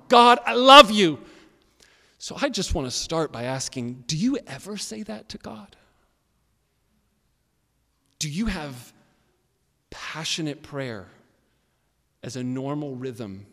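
A pastor preaching to his congregation, his slightly high voice dropping to quiet asides and then rising into loud, emphatic bursts. The sound carries a long reverb from a church hall. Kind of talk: sermon.

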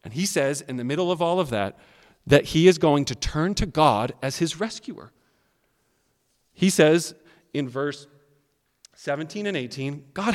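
Pastor, male, slightly high voice, lively preaching, echoing sanctuary sound. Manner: expressive preaching, addresses kids directly. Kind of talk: sermon. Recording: long hall reverb.

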